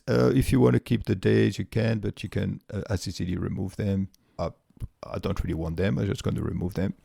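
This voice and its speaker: A man with a voice walking through a spreadsheet tutorial step by step, relaxed, with frequent fillers and restarts. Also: lowish voice, vocal fry, breathy edge, no echo, clean studio sound. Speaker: tutorial presenter. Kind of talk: screen-recorded software tutorial.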